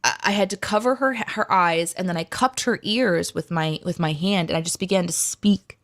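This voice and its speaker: A young adult woman co-hosting a live talk stream, chatting casually and telling stories in an expressive way while she reads out viewer comments. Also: lowish voice, moderate pace.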